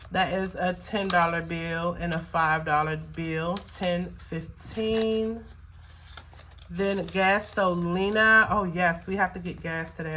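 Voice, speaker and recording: Budget vlogger, woman, lowish voice, unhurried cash-counting chatter, a little choked up. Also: a bit bright, slight background noise. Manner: slow, rambling, counts bills aloud with frequent fillers. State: emotional, choked up. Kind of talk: casual talk while counting cash.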